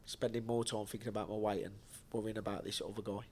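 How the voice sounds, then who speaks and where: A man's voice: lowish voice, flat delivery, fast, darkish tone, husky. A young man, a guest telling stories in a casual podcast chat, slangy and laughing often. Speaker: podcast guest, bare knuckle fighter.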